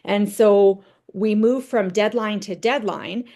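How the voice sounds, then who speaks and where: A woman's voice: mid-range voice, slow, mellow. A woman leading a team training session in a conversational motivational style, telling personal stories and checking in with "right?". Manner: conversational, tags points with "right?"; tells personal stories to make points.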